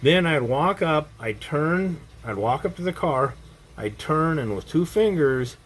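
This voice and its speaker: Speaking to camera with a slightly high, animated voice, this middle-aged or older man takes his time over a self-defense lesson. He's blunt, casual and profane, regularly asking "Okay?" to make sure his listener is following, and there's a little background noise.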